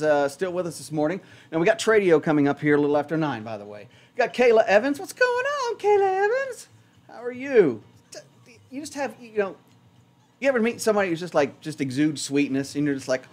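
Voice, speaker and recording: A man hosting a morning radio show in a studio, chatting casually and poking fun at himself as he rambles. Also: fairly high pitch. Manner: rambling, self-mocking, chatty. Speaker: radio host.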